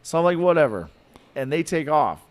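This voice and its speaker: A man telling a podcast story in an animated, rambling way, full of fillers and likes. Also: fairly high pitch, normal speed, clean tone. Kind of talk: casual storytelling.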